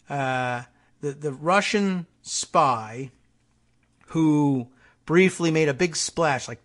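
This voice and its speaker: A man hosting a political talk show, riffing in a sardonic, digressive way with lots of asides and filler words. His voice sits a little high and sounds bright and forceful. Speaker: podcast host. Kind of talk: rambling political commentary.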